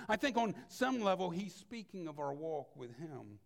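Male pastor, sermon. High, gravelly voice, earnest, drops to a hush then presses hard. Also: lively intonation, normal speed, few pauses.

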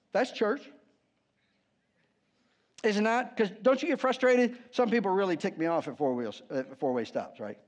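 High-voiced pastor preaching conversationally. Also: male voice. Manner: conversational, asks the congregation "right?" often, wry humor. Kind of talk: sermon.

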